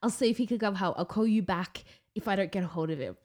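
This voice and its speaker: A woman's voice: mid-range voice, fast talker, a little mellow. A young woman co-hosting a podcast, retelling an event with dramatic flair and frequent laughter in casual chat. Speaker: podcast co-host.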